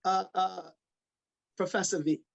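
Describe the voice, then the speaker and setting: A man's voice: high-pitched, fairly even intonation, unhurried, gravelly, highs cut off. A male interviewer in a casual conversation who trips over his words as he goes. He repeats himself and restarts while working his way toward each question. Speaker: interviewer, host.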